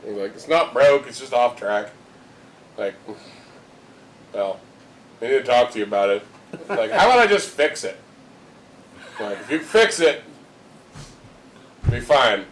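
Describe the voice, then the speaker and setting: A man's voice: mid-range voice, expressive, measured pace, pauses often, a little hiss or hum, rough recording. A man co-hosting a podcast, telling rowdy stories in a profane, laughing, casual way. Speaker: podcast co-host. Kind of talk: casual storytelling chat.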